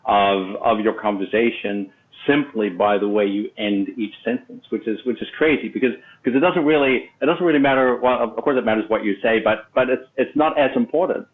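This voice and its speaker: A man with a fairly low voice hosting a leadership interview, circling his point with many restarts and fillers. His audio is thin and narrow, like a call over a phone line. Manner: halting, many restarts and "you know"s. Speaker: podcast host and leadership coach. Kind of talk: casual interview talk.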